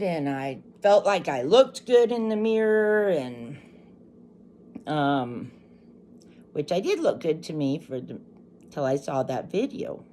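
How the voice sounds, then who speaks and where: A woman's voice: on the low side, mellow, a little hiss or hum. A middle-aged woman casually telling a personal story to her viewers, rambling and restarting as she goes. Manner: chatty, rambling, lots of restarts and asides. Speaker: channel host.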